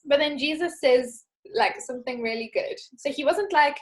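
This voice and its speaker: A woman guest in a casual faith chat, telling a story in an animated way and acting out the voices in it. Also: high-pitched, normal speed, low-quality recording. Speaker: podcast guest.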